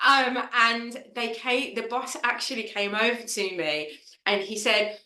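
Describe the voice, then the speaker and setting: Woman founder on a fireside chat, bright voice, in a roomy space. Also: a little high, fairly even intonation, unhurried, hardly any pauses. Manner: chatty, many fillers, emotional storytelling. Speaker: founder of an assistant network, fireside chat guest. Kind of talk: casual storytelling in a fireside chat.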